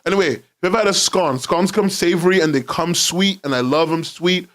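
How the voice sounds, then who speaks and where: A man's voice: high-pitched, fairly quick, fairly bright tone. A young man streaming from his home in London, rambling casually, laughing often and swearing freely.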